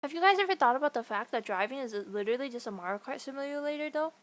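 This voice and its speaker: A woman's voice: high voice, expressive, quick pace. A young woman livestreaming, chatting casually to her viewers in a playful, goofy way with frequent laughter. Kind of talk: casual stream chat.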